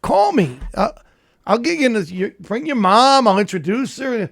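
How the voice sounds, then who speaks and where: A man's voice: high-pitched, normal speed, creaky, no echo, studio quality. A male comedian co-hosting, telling stories in casual chat and acting out the people in them. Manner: animated, acts out characters and sound effects. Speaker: comedian co-host.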